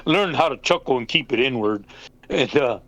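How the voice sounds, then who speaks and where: A man's voice: mid-range voice, normal speed, no echo. An older man telling a funny, profanity-laced story in casual podcast chat, laughing as he goes. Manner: animated, swearing, laughing through the story.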